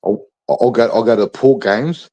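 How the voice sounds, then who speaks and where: A man's voice: mid-range voice, moderate pace, mellow. A man from Adelaide with an Australian accent, chatting casually on a podcast, blunt and repetitive with heavy swearing. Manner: blunt, swears a lot, repeats himself. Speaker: podcast guest, football supporter. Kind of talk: casual chat.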